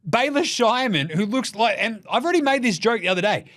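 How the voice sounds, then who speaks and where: Australian male podcast host, lively and sweary, slightly high voice, dry close sound. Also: no echo. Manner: animated, profane, jokey rapid-fire riffing. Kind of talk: casual solo commentary.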